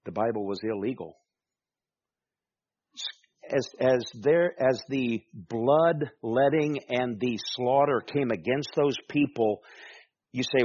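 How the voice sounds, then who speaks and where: A man's voice: mid-range voice, measured pace, darkish tone, slightly rough, dry recording, lo-fi sound. A man preaching a sermon as pastor, emphatic, with rhetorical questions and calls for amen.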